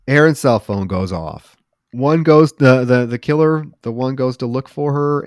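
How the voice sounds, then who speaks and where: A man's voice: mid-range voice, no room sound. A man co-hosting a podcast, casually retelling a horror movie's plot with lots of swearing and quoted lines. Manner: profane, animated retelling with quoted voices. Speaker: podcast co-host.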